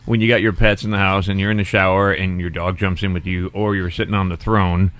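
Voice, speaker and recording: A middle-aged man with a fairly low voice hosts a casual radio talk show. He rambles loosely, dropping fillers and quick asides between on-air announcements. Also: level tone, fairly bright tone.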